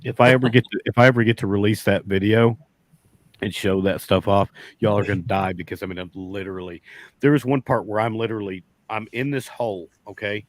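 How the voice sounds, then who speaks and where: A man's voice: fairly low pitch, steady tone, a little fast, no echo. A man, a beekeeper guest telling a long folksy story in casual chat, rambling and restarting often.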